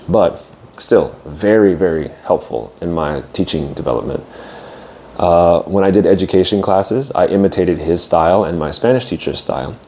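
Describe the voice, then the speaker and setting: Young male teacher, low mellow voice, reflective casual storytelling with frequent hesitations. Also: slight background noise. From United States. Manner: reflective, hesitant with fillers and restarts. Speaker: English teacher.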